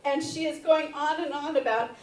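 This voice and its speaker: A woman's voice: sits high, steady tone, moderate pace, recorded from a distance. A menopausal woman in her fifties doing stand-up, telling a candid personal story on a theater stage with the audience laughing. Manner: candid, builds to shouted reenactments. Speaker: stand-up comedian. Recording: roomy theater sound from afar.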